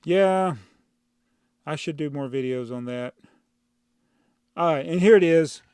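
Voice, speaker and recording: A man with a somewhat high voice chats casually as a channel host, rambling and laughing as he works through viewer comments. He gets exasperated easily. He is close on a clip-on mic, and the sound is dry with no room echo. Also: slow pace, a little mellow, clear, resonant tone. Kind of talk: casual chat. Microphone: clip-on mic inside a brick-built housing.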